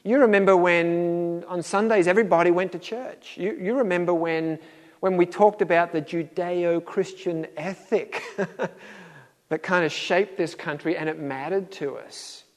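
Preacher in a reverberant hall. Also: male voice, high voice, measured pace. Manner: conversational preaching with acted-out dialogues and chuckles. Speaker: pastor. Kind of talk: sermon.

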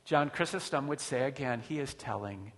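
A man's mid-range, animated voice at normal speed carries a pastor's conversational sermon, with rhetorical questions and many restarts. The sound has long hall reverb.

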